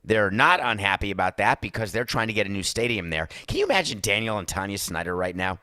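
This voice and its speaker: Emphatic, bright-voiced sports podcast host. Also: male voice, on the low side, very animated, fast, few pauses, no room sound, clean studio sound. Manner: emphatic, ranting, sarcastic asides. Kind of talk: sports talk podcast monologue.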